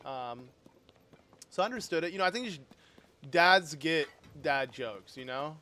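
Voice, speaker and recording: A man streaming a game live, chatting casually with his viewers in an excitable, talkative way and laughing often. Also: fairly high pitch, moderate pace.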